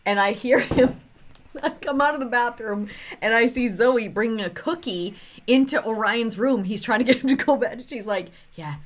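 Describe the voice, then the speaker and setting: A woman's voice: a little high, moderate pace. A woman co-hosting a podcast, telling family stories in casual banter, laughing and defending herself. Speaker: podcast co-host.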